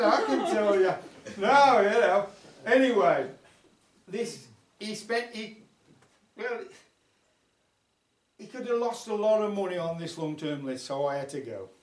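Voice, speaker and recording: A man voicing a boastful, womanising male sheepdog who chats on as he tells his life story, recorded at a folk club. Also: high-pitched. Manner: chatty yarn-spinning, bragging. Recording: roomy club sound from far off.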